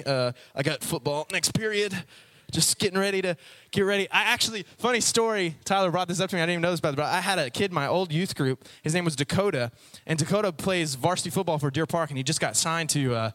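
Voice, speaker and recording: A young adult man, a youth pastor, giving a casual sermon, telling stories animatedly and acting out voices with frequent laughs. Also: on the high side. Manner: animated storyteller, acts out voices, laughs often.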